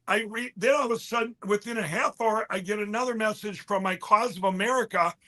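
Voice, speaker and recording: High, bright-voiced man rambling excitedly. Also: a little fast. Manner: animated, quotes others in mid-story, frequent restarts. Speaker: guest. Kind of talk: rambling conversational storytelling.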